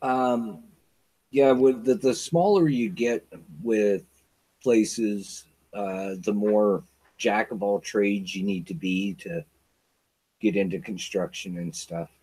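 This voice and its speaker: A man's voice: fairly low pitch, fairly even intonation, mellow, slightly rough. A man hosting a casual interview, asking questions with dry jokes. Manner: slow, joking questions. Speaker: host.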